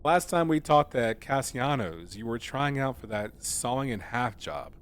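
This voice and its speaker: A man's voice: medium pitch, expressive, measured pace. A man streaming a video game, chatting casually and joking in a rambling, playful way. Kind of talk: casual let's-play commentary.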